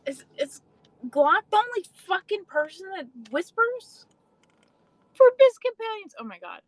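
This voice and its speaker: A woman's voice: very high-pitched, very animated, a little slow, no echo, low-quality recording. A young adult woman casually chatting on a livestream, swearing freely and answering viewers' comments. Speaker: livestream host.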